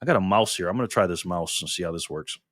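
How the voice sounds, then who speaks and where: A man's voice: sits low, quick pace, fairly bright tone, dry recording, studio quality. An upbeat man hosting a live stream, chatting casually and greeting viewers by name. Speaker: livestream host. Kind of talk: casual live stream chat reading comments.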